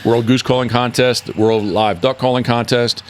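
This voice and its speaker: A man's voice: mid-range voice, steady tone, normal speed, a little hiss or hum. A man hosting a casual podcast, rambling and correcting himself often as he talks. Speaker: podcast host and decoy carver.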